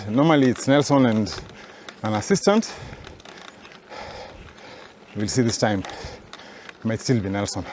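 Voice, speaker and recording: A breathless man talks the viewer through a mountain bike route while he rides, his voice slow and unhurried. Faint wind and road noise sit under his words, picked up by a camera on the bike. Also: medium pitch, darkish tone. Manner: chatty, explains the route between breaths. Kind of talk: talking while riding, route commentary. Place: outdoors on a trail, riding a bike.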